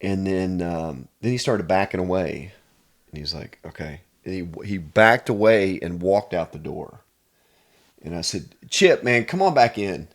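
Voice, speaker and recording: A man's voice: low voice, measured pace. A man from Pennsylvania, a chiropractor guest, telling personal stories in an earnest, casual way. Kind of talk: casual storytelling.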